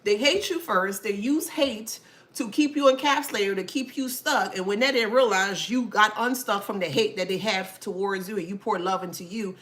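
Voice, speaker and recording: A woman's voice: mid-range voice, normal speed, fairly bright tone. A woman hosting a casual talk to camera, sassy, laughing often and swearing freely. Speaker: channel host.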